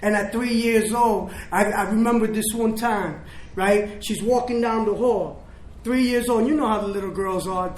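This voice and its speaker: Older man, high voice, emotional recovery testimony in an echoey hall with faint noise behind. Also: normal speed, few pauses. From South Bronx, New York. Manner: emotional, storytelling with quoted dialogue. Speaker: recovery speaker. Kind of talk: personal testimony speech.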